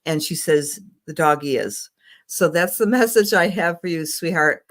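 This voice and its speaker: A woman's voice: sits low, moderate pace, a bit bright. A middle-aged woman astrologer giving psychic readings on a live stream, affectionate and rambling, with many fillers.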